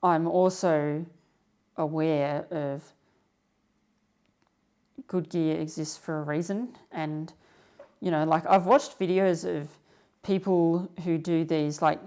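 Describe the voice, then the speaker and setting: A woman's voice: deep voice, flat delivery, takes it slowly, gravelly, long pauses, a little mellow. A young woman hosting a live stream, chatting casually and reading out viewer comments with lots of fillers. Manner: rambling, filler-heavy, reads comments aloud. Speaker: livestream host.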